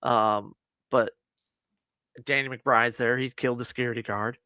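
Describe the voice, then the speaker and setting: A man co-hosting a casual movie review podcast, retelling the plot in lively fashion and acting out the characters' lines. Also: medium pitch, normal speed, clear, resonant tone, no room sound. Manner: animated retelling, acts out quotes with laughs. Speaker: podcast co-host.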